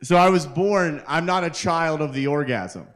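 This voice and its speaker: A man's voice: a little high, moderate pace, fairly bright tone. A man hosting a live open mic, doing rambling, self-interrupting crude stand-up to the crowd at a kava bar. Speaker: comedian and open mic host.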